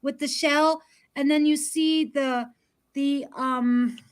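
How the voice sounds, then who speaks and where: A woman with a fairly high voice chats casually, walking her friends through explanations. She talks in a friendly, easygoing way. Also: steady tone, slow. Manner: chatty, explains things. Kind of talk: casual group chat.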